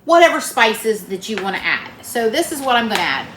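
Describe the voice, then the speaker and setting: This cooking vlogger has a fairly high, sing-song voice with a fairly bright tone, and she moves along fairly quickly. She's chatting casually with viewers as she cooks at home, while central air hums in her spacious kitchen.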